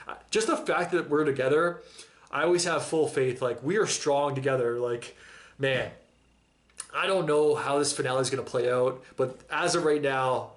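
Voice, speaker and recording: A man giving a casual, enthusiastic and emotional reaction monologue about a TV episode, using slang and nearly choking up. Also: fairly high pitch. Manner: enthusiastic, emotional, slangy, breaks down near tears. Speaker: reaction channel host.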